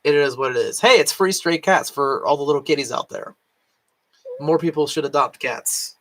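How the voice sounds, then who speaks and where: A man's voice: on the high side, moderate pace, a bit bright. Rambling vlogger man with a worn voice. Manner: rambling, filler-heavy with frequent "like". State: recovering from lost voice, can't reach high notes. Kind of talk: casual chat. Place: home, cat nearby.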